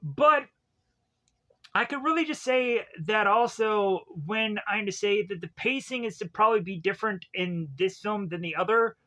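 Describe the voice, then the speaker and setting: A man's voice: sits high, moderate pace, bright, forceful tone. A man from Georgia with a Southern US accent, reviewing a movie in a rambling, joking monologue full of asides. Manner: rambling, jokey asides and silly voices.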